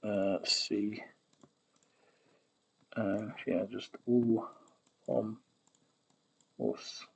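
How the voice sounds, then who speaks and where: A man's voice: lowish voice, fairly even intonation, drawn-out words, gravelly, pauses often, husky, dull audio. A man streaming from his desk, thinking aloud and muttering as he works, trailing off and correcting himself, with keyboard typing behind him. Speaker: streamer building a made-up language. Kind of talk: thinking aloud while working. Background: keyboard clicks and typing.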